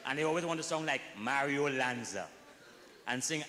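Bright Trinidadian man telling comic tales. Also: mid-range voice, moderate pace. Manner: folksy, drops into sung snatches for effect. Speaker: comic storyteller. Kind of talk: comic storytelling to a live audience. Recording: echoey hall recording.

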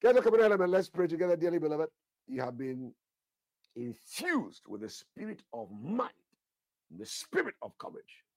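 A man's voice: mid-range voice, husky, dry recording. A man preaching a fervent sermon, repeating himself and addressing listeners directly as sir. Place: church altar session.

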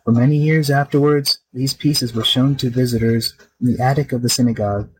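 A man narrating a folk tale in a steady, expressive reading. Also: medium pitch, brisk, a little hiss or hum, rough recording. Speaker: storyteller. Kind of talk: scripted storybook narration.

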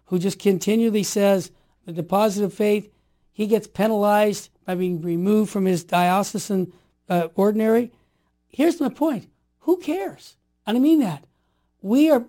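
A man in his sixties telling stories as a guest, energetic and emphatic, acting out what others said. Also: high voice. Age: 60s. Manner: energetic and emphatic, acts out quoted voices. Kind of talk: animated storytelling.

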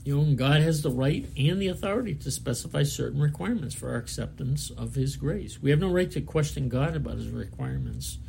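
A male preacher reads scripture aloud and breaks off to explain it in a casual, halting way. His voice is heavily gravelly with a warm, mellow tone, and there is a faint hiss behind him. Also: mid-range voice, lively intonation. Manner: casual, halting explanation with fillers between readings. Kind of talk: Bible study sermon, reading scripture and commenting.

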